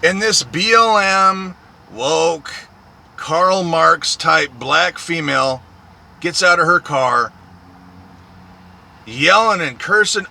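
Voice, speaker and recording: A man's voice: fairly high pitch, lively intonation, slow, gravelly, pauses often, sharp tone. A man, a truck driver, in a profane, repetitive, aggrieved ranting monologue.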